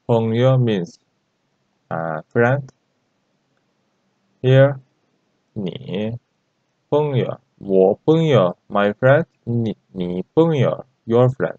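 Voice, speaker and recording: Slow, halting man. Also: medium pitch, warm tone, dry recording. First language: Turkish. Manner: halting and repetitive, many fillers. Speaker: Chinese language teacher. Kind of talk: language lesson. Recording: dull lo-fi recording.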